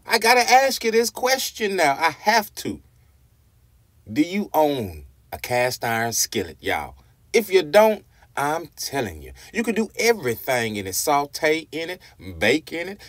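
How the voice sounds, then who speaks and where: A man's voice: a little high, no echo, studio quality. A man hosting a cooking tutorial vlog, enthusiastic and talking straight to his viewers, asking them questions and saying "y'all" in nearly every sentence. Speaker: cooking channel host.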